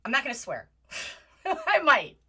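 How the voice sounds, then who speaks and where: A woman hosting a live commentary stream from a home setup, animated and exasperated, often apologizing and at times close to yelling. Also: sits high, a little slow, husky. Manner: rises to near yelling at times. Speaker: livestream host. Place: home setup with green screen.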